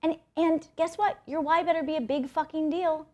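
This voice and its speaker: Young woman, motivational speaker, slightly high voice, blunt and swears freely, keeps checking in with "right?". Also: fairly even intonation, normal speed, dark tone. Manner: blunt and profane, often tags "right?". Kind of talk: motivational talk.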